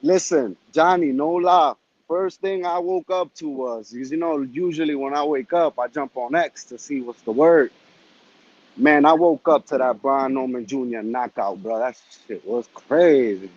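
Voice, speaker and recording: A man calling into a live show who tells a story with animated street slang. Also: medium pitch, a little slow, highs cut off. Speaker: caller. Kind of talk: casual call-in chat.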